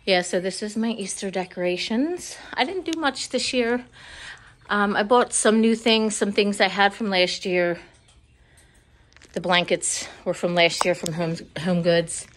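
A woman's voice: on the low side, fairly bright tone. A woman giving a casual, rambling tour of her home decor, a little out of breath and apologetic, filmed on a handheld phone indoors. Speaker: home vlogger. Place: inside a house.

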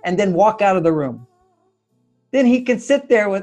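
An older man with a high, gravelly voice tells stories as a guest, acting out the voices of himself and his wife. Faint guitar music plays underneath. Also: animated, moderate pace, a little mellow. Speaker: relationship author as guest. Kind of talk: animated storytelling advice.

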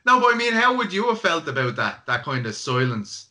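A man's voice: on the high side, very animated, brisk, bright, forceful tone. A man, a guest journalist in casual chat, eager and probing, with lots of "like".

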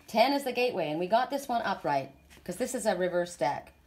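A woman's voice: mid-range voice, expressive, fairly quick, a little mellow. A woman with a sore throat giving a casual, rambling oracle card reading, stressing her points with many restarts.

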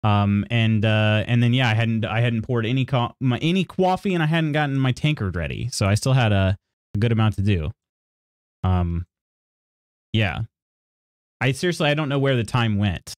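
A man's voice: mid-range voice, animated, normal speed, no room sound, studio quality. A man streaming and chatting casually with his viewers. He rambles, apologizes, restarts sentences and laughs often as he reads chat aloud.

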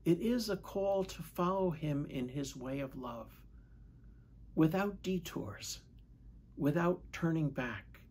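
A man, a priest, giving a measured, reflective Sunday homily and asking questions of his listeners. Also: fairly high pitch, expressive, a little mellow, breathy edge. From United States.

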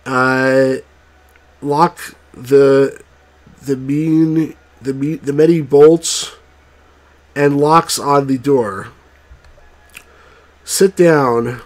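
A man reviewing a text game, reading its story aloud in a halting way and stopping to correct himself. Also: medium pitch, fairly even intonation. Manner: halting, stumbles and rereads words.

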